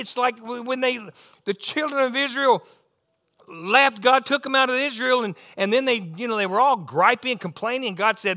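A middle-aged man delivers an animated sermon. His voice sits high for a man and rings bright and forceful. He often stumbles into restarts and repeated words as he presses his point. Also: normal speed. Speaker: pastor.

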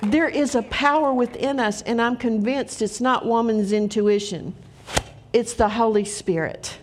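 Middle-aged female preacher, earnest storytelling sermon voice, slightly high. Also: unhurried, a little hiss or hum.

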